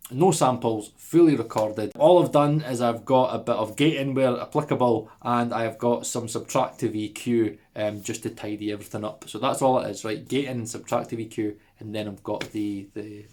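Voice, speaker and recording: A man's voice: fairly low pitch, normal speed, few pauses, a little mellow. A man hosting an audio production video in a casual, jokey, upbeat chat, repeating words for emphasis.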